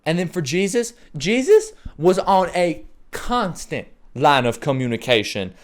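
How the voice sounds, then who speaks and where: Male pastor, slightly high voice, playful and fired-up preaching style. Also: unhurried. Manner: excitable, joking, repeats phrases for emphasis. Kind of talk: sermon.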